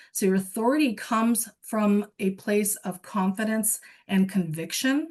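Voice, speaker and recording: A woman's voice: medium pitch, darkish tone. Earnest woman business coach talking. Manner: earnest, lots of restarts and self-corrections. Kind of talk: summit interview.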